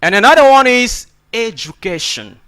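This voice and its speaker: A man's voice: extremely high pitch, sing-song, moderate pace, clean tone. A man hosting a radio English lesson, emphatic and preachy, tagging nearly every sentence with "okay?". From Democratic Republic of Congo. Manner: emphatic, preachy teacher, often gets louder to stress a point. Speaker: English teacher and radio host.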